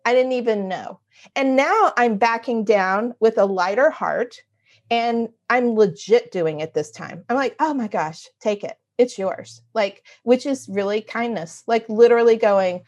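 A middle-aged woman, a guest author, telling a story in conversation and acting out her own remarks in expressive voices. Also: on the high side, a little slow.

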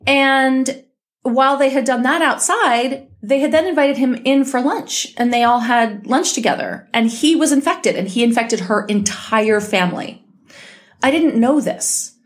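In a high voice at a measured pace, a podcast host talks alone from her home, heated, blunt and swearing. She hasn't fully recovered from being sick and might cough along the way.

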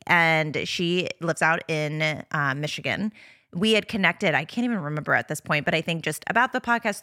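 A woman's voice: fairly low pitch, pushed and bright, no echo, studio quality. A woman hosting a podcast in casual chat, talking in a chatty, rambling way and laughing often. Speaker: podcast host.

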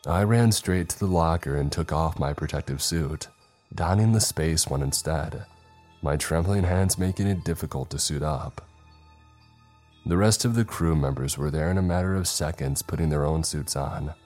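A man narrating a first-person horror story in a tense, measured way. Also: extremely low pitch, darkish tone, soft background music.

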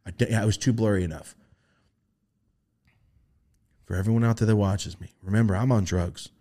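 A young man on a podcast telling a story in casual chat, swearing freely and acting out the voices he quotes. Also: fast talker. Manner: animated, swearing, acts out quoted voices in a high pitch. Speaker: podcast host.

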